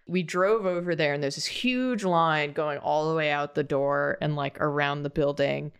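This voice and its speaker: A woman's voice: low-pitched, normal speed, clear, resonant tone. A woman from Long Island telling a funny story in a casual chat, laughing as she goes. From Long Island, New York. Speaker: show regular, artist.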